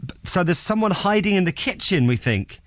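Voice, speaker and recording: A man hosts a radio show in a dry studio, his voice sitting a little high for a man. He chats in a playful, teasing way and keeps things light. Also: lively intonation, fairly quick, dry recording. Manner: jokey, chatty, teasing. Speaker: radio host. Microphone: studio microphone.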